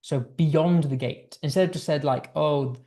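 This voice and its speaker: On the high side yet dark in tone, a young British man speaks unhurriedly as he teaches English writing. His delivery is conversational, packed with fillers and restarts, and he acts out example lines.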